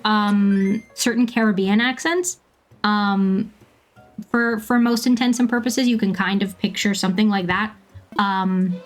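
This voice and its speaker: A woman around thirty from Bermuda, chatting casually with viewers while she plays a game, laughing often and filling pauses with ums. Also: on the high side. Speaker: streamer.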